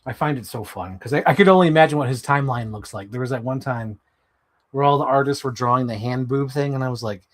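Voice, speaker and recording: A man talks fast on a relaxed live stream as he changes parts on toy figures, animated throughout, swearing, and jumping into high mock voices.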